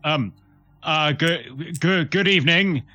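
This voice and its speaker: A man's voice: a little high, slow, sharp tone, dull audio, soft background music. A man voicing a bashful male woodsman hero who stammers nervously through a speech to a crowd. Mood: flustered.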